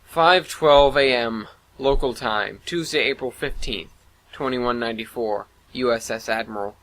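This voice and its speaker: A man's voice: medium pitch, a little slow, a bit bright, rough recording. A man narrating a first-person science fiction story in an earnest, dramatic reading.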